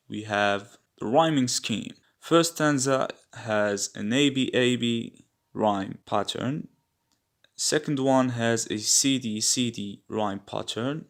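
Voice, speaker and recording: Guy teaching poetry real slow, patient, explains every step, normal pitch. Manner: patient, instructive, repeats key terms. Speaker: English literature teacher.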